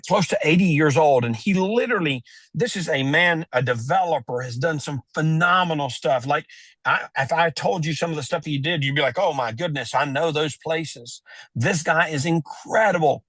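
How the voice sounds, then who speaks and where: A man talking as a wealth adviser guest on a podcast, telling stories with lively acted-out dialogue. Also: a little high, dry recording. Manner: animated storyteller, acts out quoted dialogue. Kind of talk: storytelling in a podcast interview.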